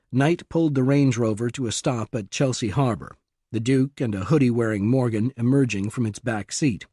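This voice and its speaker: A man reading an audiobook thriller in calm, measured scripted narration. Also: medium pitch, husky, dry recording, studio quality.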